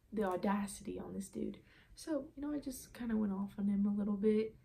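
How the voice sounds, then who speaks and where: A woman's voice: mid-range voice, a little fast, creaky, warm tone. A young woman telling a story in a casual vlog, chatty and exasperated, full of "like.". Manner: chatty, exasperated, heavy use of "like". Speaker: vlogger.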